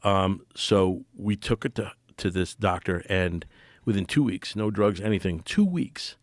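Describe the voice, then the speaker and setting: A man in his forties, a podcast guest telling a personal story in an earnest, halting way with many restarts. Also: sits low, fairly even intonation, no room sound, studio quality.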